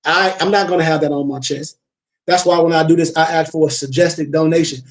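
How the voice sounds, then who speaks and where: A man's voice: fairly high pitch, fairly quick. A man who is a minister and teacher, talking casually and preachily about wisdom and honesty. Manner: preachy and animated, with repeated chanted blessings. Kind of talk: casual spiritual talk.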